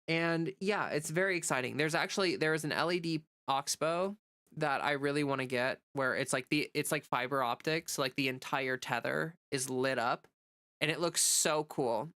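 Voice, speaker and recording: This woman livestreams while sick, her nasal, stuffed-up voice deep and slightly bright at a normal speed. She chats and rambles with many fillers as she reads what viewers write.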